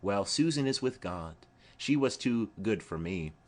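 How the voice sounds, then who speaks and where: A man's voice: on the low side, animated, a little slow. A man reading a rambling old nurse. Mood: fond. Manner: rambling, fond, earthy asides. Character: chatty old female nurse, rambling and doting. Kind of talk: audiobook play reading.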